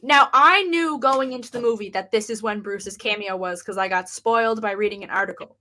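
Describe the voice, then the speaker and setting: A woman co-hosting a podcast, chatting excitedly about a horror film. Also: medium pitch, a little fast. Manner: chatty, excited, fond of fan details. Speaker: podcast co-host. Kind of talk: casual film review chat.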